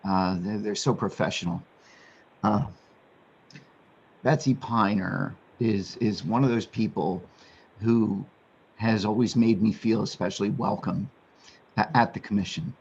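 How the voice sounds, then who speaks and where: A man speaking as a commissioner at a public meeting, offering sincere remarks haltingly, with many restarts. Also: on the low side, fairly even intonation, vocal fry, a little mellow, breathy edge, highs cut off.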